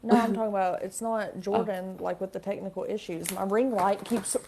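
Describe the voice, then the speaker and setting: A woman co-hosting a podcast in casual chat, talking in an animated way. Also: mid-range voice, brisk, noisy background. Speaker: podcast co-host.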